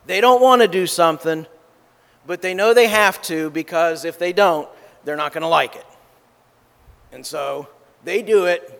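Male preacher, sermon, slow and deliberate with stressed key words. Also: high voice, vocal fry, a bit bright, in a large hall. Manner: measured, emphatic delivery.

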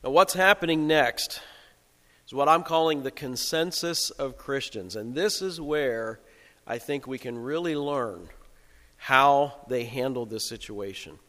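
A male pastor giving a sermon in a relaxed, conversational storytelling way. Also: medium pitch, measured pace, in a large hall.

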